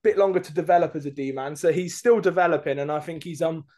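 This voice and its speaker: Man, casual podcast chat, hesitant, slightly raised pitch. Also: quick pace, warm tone. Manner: hesitant, lots of ums, thinks aloud. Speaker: podcast co-host.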